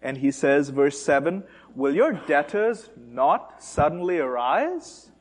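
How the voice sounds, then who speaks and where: A man preaching a sermon, speaking with animated, mocking emphasis and asking rhetorical questions. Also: on the high side, slow pace.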